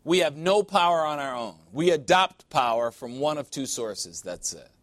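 A man preaching a sermon with a fairly high voice, drawing amens from his congregation and tossing in playful asides. The sound is dry and close with little room echo. He moves between teasing banter and earnest teaching. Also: animated, normal speed, a bit bright. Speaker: pastor. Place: church sanctuary.

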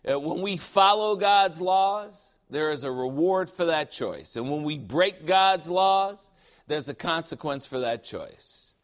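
A man preaching a sermon in a forceful, emphatic way, firing rhetorical questions and mocking the objections of skeptics. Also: on the high side.

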